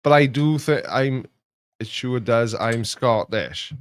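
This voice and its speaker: A man's voice: mid-range voice, measured pace, clean tone, dry recording. A middle-aged man chatting as co-host, rambling and hesitant, teasing his son. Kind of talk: casual chat.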